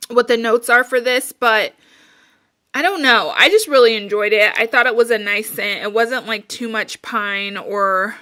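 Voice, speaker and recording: Bright-voiced chatty woman reviewing candle scents. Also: a little high, a little slow. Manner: chatty, rambling, lots of fillers like "um" and "like". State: a little out of breath. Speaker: candle and wax melt reviewer. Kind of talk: casual chat.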